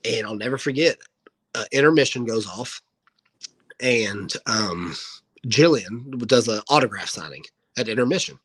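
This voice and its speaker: A man's voice: medium pitch, normal speed, slightly rough, poor audio. A man in his thirties, a guest wrestler, telling stories in a casual interview and acting out what people said. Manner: animated anecdote-telling, acting out quoted dialogue.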